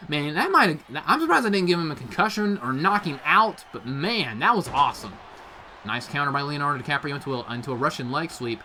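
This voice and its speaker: Fairly high-pitched and excitable, this young commentator delivers play-by-play for video game wrestling. His energy peaks in shouts at big moves, and he throws in frequent "oh"s over slight background noise.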